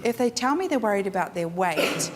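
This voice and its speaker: A woman teaching a live photography workshop, frank and animated, acting out her clients. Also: medium pitch, fairly quick. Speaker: photography instructor. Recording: echoey room with faint noise.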